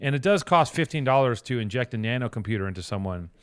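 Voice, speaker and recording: A podcast co-host, a man whose voice comes across smooth and clear in a dry, close recording. He tells long, rambling stories with heavy sarcasm and lots of swearing, in an easy, casual chat. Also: medium pitch, animated, fast talker, no room sound. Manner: rambling, sarcastic, profane storytelling.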